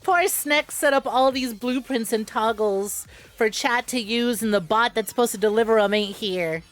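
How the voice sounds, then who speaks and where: A woman streamer chats casually into a close mic, her voice sitting a little high. She rambles, swears freely and jumps from heated rants back to laughing. Soft music plays faintly behind her. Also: moderate pace. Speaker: VTuber streamer. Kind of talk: casual live-stream chat.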